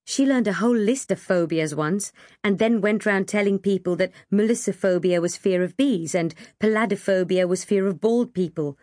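A woman reading a first-person story aloud in an expressive, wry way. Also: medium pitch, normal speed, no room sound, clean studio sound. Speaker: audiobook narrator. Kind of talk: first-person audiobook narration.

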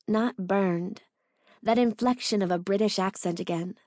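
A woman reading a first-person romance novel aloud in a measured, intimate manner. Her voice sits in the middle of the usual range. The recording is dry and close, with no room sound. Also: medium pitch, darkish tone, dry recording. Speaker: audiobook narrator.

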